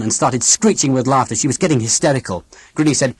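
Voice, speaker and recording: An audiobook narrator telling a first-person story in a dramatic, expressive reading. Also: medium pitch, fairly quick, slightly rough, dry recording.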